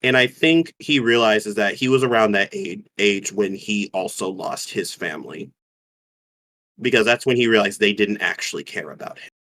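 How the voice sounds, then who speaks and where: A man playing a tabletop game, describing his character thoughtfully with many pauses and fillers. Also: lowish voice, fairly bright tone. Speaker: player.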